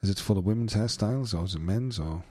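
A man's voice: on the low side, fast talker, a little mellow, husky. A man, joking in casual comedic banter, teasing his friend and acting out mock dialogues. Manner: teasing, acts out mock dialogues, rambling restarts.

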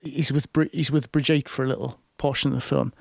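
A man's voice: mid-range voice, level tone, a little fast, vocal fry, darkish tone, dry recording, studio quality. A man telling a long film story in a casual chat, rambling with many fillers and restarts.

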